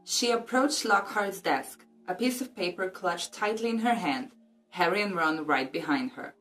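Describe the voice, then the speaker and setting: A woman vlogger with a low voice chats casually about a book and reads passages aloud. She drops in joking, cheeky asides, with faint music behind her. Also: moderate pace, a bit bright.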